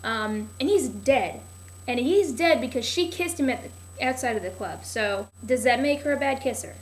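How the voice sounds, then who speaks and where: A woman's voice: on the high side, expressive, normal speed. A young woman vlogging a casual, rambling recap of a TV show, sarcastic and full of "like", often losing her place.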